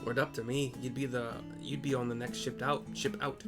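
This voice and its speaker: A man voicing a blunt, gruff male engineer in a rough, pirate-like mock Scottish brogue, stumbling and repeating himself. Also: mid-range voice, flat delivery, brisk, over music, lightly acted.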